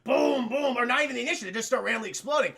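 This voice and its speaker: A man's voice: extremely high pitch, very fast, creaky, fairly bright tone, husky. A man giving a casual, profane film review to a live chat, laughing often.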